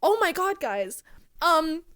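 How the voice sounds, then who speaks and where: High, lively young woman streamer. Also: slow. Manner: excitable, swearing, thanking donors. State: close to tears. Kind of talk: casual live-stream chat.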